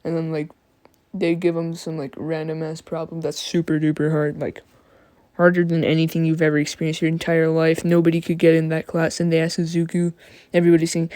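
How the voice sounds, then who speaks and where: Tired woman rambling through a fan story, slangy and drawly, kinda low voice. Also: completely flat delivery, a little fast, dark tone. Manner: slangy and drawling, many fillers. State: sleepy.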